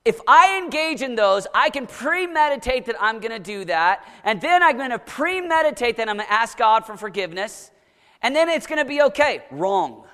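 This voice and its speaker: A man preaching a sermon to a young crowd, dramatic, swinging from shouts down to low, intense murmurs. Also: sing-song, moderate pace, big-room sound.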